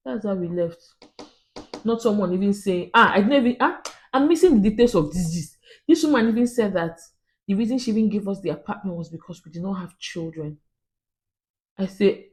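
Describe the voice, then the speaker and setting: A woman vlogging, telling a story to the camera in an animated, emphatic way and acting out both sides of a conversation. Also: fairly low pitch, brisk.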